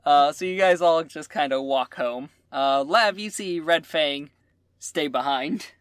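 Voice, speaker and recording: A young adult game master narrating a tabletop role-playing game in a relaxed way, often pausing on "uh". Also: mid-range voice, clean tone, no room sound, clean studio sound. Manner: relaxed, with frequent "uh" fillers.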